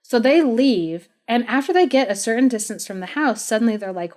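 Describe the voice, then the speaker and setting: A woman's voice: on the high side, a little fast, hardly any pauses. Chatty woman retelling a legend. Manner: animated, chatty, laughs often, many "like"s. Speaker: podcast co-host. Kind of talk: casual storytelling.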